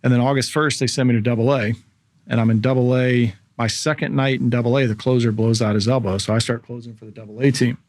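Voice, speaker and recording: A man's voice: mid-range voice, fast, no echo. Guy around 40 spinning a story, acts out the people in it, dry close mic. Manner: animated storyteller, acts out quoted voices. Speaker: guest, former pro baseball pitcher. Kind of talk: casual storytelling interview.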